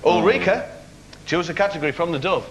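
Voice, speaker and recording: A man's voice: high-pitched, a little fast. A man hosting a comic quiz show, announcing in a playful, mock-dramatic way. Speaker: game show host. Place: TV studio. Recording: echoey studio with loud noise.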